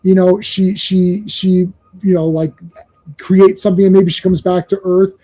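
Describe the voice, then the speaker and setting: Ranting man with a husky voice. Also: sits high, level tone, normal speed, mellow. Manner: ranting, swearing, acts out quotes in voices. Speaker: podcast co-host. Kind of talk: heated casual chat about comics.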